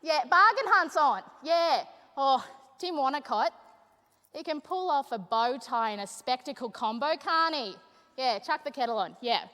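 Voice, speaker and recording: A woman's voice: high voice, expressive, measured pace, pushed and bright, voice pushed up, heavily acted. Woman putting on her drawling couch-bound mum. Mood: lazy, nagging. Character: chain-smoking mum lounging on old couches. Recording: long hall reverb.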